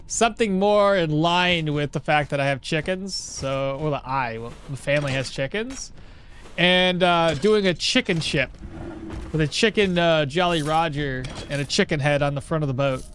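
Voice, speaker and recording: Excitable man chatting through a game. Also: fairly high pitch, unhurried, a little hiss or hum. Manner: excitable, chatty, swears casually. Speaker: streamer playing a game. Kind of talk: casual gameplay commentary.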